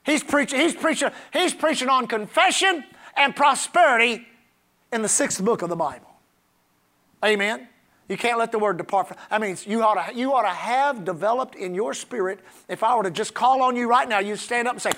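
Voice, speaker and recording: Male pastor, sermon delivery, bright forceful tone, breaks into shouts. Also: very high voice. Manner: preaching with emphatic, drawn-out scripture lines.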